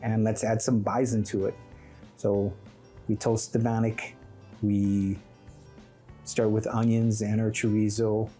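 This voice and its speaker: A man from Canada, a chef, speaking in a measured, plainspoken way in an interview. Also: fairly low pitch, flat delivery, mellow, soft background music.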